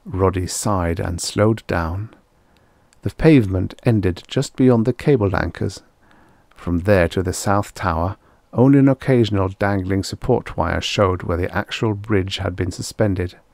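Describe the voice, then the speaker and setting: A man narrating a vintage science fiction short story at a measured pace. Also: low voice, gravelly, darkish tone, no echo. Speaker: audiobook narrator.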